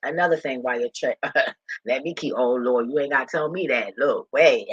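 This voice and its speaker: A man's voice: medium pitch, normal speed, sharp tone, breathy edge, no echo, muffled recording. A man ranting casually and profanely about church leaders, laughing and swearing freely. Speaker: commentator.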